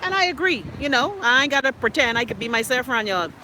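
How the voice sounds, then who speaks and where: A woman hosting a live stream, reading viewer comments aloud and bantering with them in a teasing, animated way. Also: high voice, fast talker, a little hiss or hum, poor audio. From Bahamas. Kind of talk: casual live chat. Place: outdoors in a city street.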